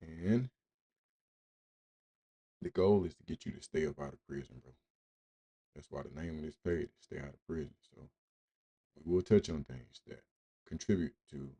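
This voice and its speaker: A man's voice: low-pitched, animated, normal speed, long pauses, dark tone, husky, no room sound. A man hosting a talk show, speaking bluntly and informally in a casual, conversational way. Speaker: host. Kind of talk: casual commentary.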